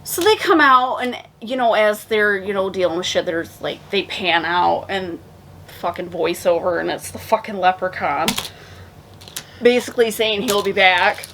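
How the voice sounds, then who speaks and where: A woman's voice: medium pitch, normal speed, fairly bright tone, a little hiss or hum. A tipsy woman co-hosting a casual movie review, retelling the plot in a rambling, profane way. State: tipsy from drinking.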